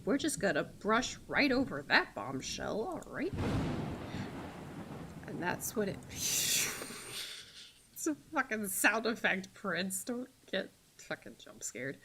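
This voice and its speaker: A woman's voice: medium pitch, very animated, slow, long pauses, sharp tone, slight background noise. A young American woman streaming a game, reading its text aloud with dramatic flair and chatting casually, swearing and laughing along the way.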